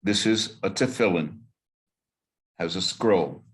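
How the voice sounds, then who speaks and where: Deep-voiced rabbi telling a story. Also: male voice, slow. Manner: earnest, personal storytelling with emphatic repetition. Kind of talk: storytelling talk to a congregation.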